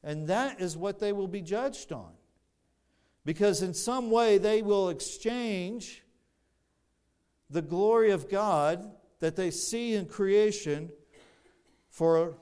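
A man preaching a sermon, explaining scripture in a measured way with frequent restarts. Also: high-pitched, darkish tone, clean tone.

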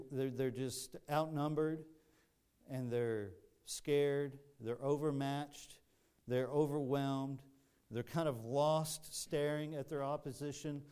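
A man's voice: fairly high pitch, warm tone, clean tone. A man preaching a sermon in an earnest way, often repeating words and restarting his sentences. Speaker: pastor.

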